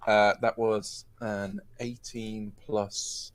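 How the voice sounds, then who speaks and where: A man playing a tabletop game, talking calmly to reassure a child in character. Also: fairly low pitch, very slow, dry recording. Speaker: player.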